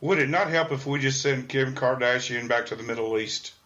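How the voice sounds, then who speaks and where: A man co-hosting a podcast, with a bright, forward tone heard through a dull, lo-fi microphone. Mostly he chimes in with short agreements and dry wisecracks in a casual way. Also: medium pitch, a little fast. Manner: brief agreeing interjections and wisecracks. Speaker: podcast co-host.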